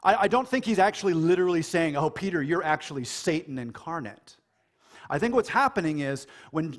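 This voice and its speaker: An American man delivers a church sermon with a loose, conversational energy. He jokes with the congregation and slips into quoted characters as he tells the story. His voice sits a little higher than most men's. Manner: casual and animated, jokes and acts out quoted lines. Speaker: pastor.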